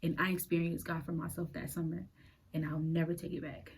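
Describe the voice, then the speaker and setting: Breathy woman sharing a tearful testimony. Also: on the low side, little pitch movement, poor audio. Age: late 20s. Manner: earnest, halting, fighting back tears. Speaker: podcast host. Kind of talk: personal faith testimony.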